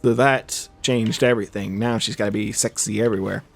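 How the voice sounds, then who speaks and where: Music plays in the background as this gaming channel host, a young man, gives casual let's-play commentary full of fillers and restarts. He speaks briskly in a lowish, steady voice with vocal fry.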